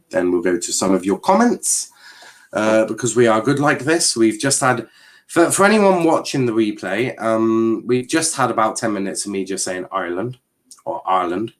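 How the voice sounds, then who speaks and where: An English man hosting a live stream in casual chat, laughing often, repeating words and reading out viewer comments with sarcastic asides. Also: lowish voice.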